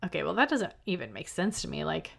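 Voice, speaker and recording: A woman's voice: fairly low pitch, big pitch swings, quick pace, creaky. A woman co-hosting a casual podcast, talking about a film and laughing between her remarks. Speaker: podcast co-host. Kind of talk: casual movie discussion.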